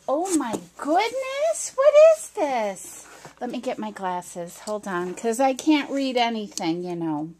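A middle-aged woman vlogger opening a package on camera, chatting casually and gushing with excitement. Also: mid-range voice, slight background noise. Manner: gushing and excitable, with squeals of delight. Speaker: crafting vlogger. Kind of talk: casual unboxing chat to camera.

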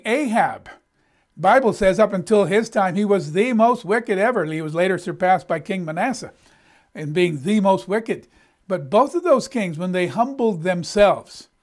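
A middle-aged male pastor preaching a sermon in an emphatic, conversational way. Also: sits high.

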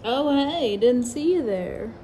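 A woman's voice: sits high, expressive, slow pace, mellow. A woman vlogging casually at an outdoor wildlife park, chatting and talking sing-song to the animals. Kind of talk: casual vlog chat. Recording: outdoor ambience with animal noise.

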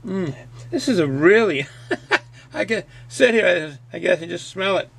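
A man's voice: sits high, expressive, unhurried, gravelly, fairly bright tone, breathy edge. A middle-aged man with a Boston accent chatting casually through a beer review, rambling and folksy and often repeating himself.

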